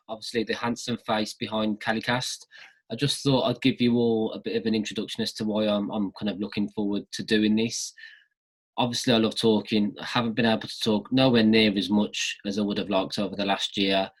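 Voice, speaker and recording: A man's voice: lowish voice, poor audio. A man hosting his own podcast, rambling and jokey as he introduces it from a room upstairs at home over a video call. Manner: jokey, self-mocking, rambling. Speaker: podcast host. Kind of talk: casual chat.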